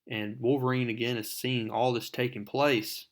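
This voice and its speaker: A man's voice: medium pitch, little pitch movement, normal speed. A man narrating a comic book recap with enthusiasm, talking to his viewers as folks.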